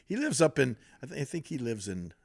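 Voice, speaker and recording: A man's voice: mid-range voice, huge pitch swings, fairly quick, vocal fry, a little mellow, slightly rough, dry recording, studio quality. An older man hosting a podcast, telling rambling stories with laughs and switching into voices for the people he quotes. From American South. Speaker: podcast host, former wrestler. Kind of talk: casual chat, storytelling.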